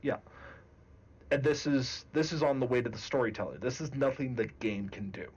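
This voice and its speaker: Guy talking games, husky voice, slow deliberate emphasis, dull lo-fi sound. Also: medium pitch, darkish tone. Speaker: game master guest. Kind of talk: casual discussion.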